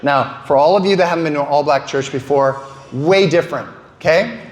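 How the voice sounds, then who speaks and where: A man in his forties doing an animated stand-up comedy set and throwing quick asides to the crowd. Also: a little high. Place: comedy venue stage. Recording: roomy venue with background noise.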